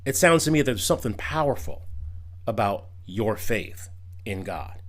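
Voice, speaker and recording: A man's voice: fairly low pitch, very animated, normal speed. A man reading Bible verses aloud and commenting on them in a video critique, emphatic, with casual asides.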